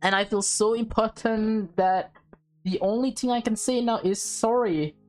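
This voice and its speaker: A woman's voice: on the high side, unhurried, darkish tone, soft background music, pitched above the performer's own voice, natural voice. A woman voicing a remorseful teenage boy in a game who apologizes in broken phrases.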